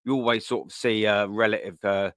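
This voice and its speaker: A man's voice: on the low side, fairly even intonation, fairly quick, no echo, studio quality. A man, hosting a live-streamed chat show in an upbeat, chatty way, repeating words as he goes. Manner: chatty and upbeat, repeats words, gives shout-outs to viewers. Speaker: fan channel host.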